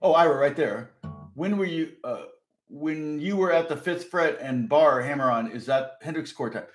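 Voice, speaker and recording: A man hosting a live guitar lesson, talking with a slightly raised pitch and a loose, chatty flow that keeps stopping to fix itself. He answers viewer questions as he goes, with faint guitar behind him. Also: moderate pace. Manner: rambling and self-correcting, chatty. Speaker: guitar teacher. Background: guitar playing.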